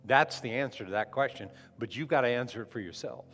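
A man's voice: mid-range voice, fast, fairly bright tone, soft background music. A man preaching a conversational sermon as a pastor, often restarting his phrases. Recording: long hall reverb.

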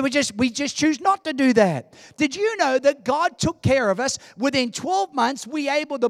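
A man in his sixties preaching a sermon in church, animated and humorous, with emphatic delivery. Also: very high-pitched, no room sound, studio quality. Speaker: pastor.

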